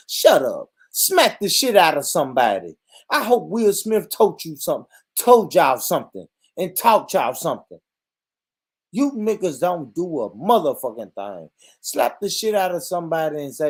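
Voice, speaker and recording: A man's voice: a little high, normal speed, husky. A man hosting his own vlog, ranting comedically with lots of swearing and frequent laughs. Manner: animated, swearing, laughing often. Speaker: vlogger. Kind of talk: profane comedic rant.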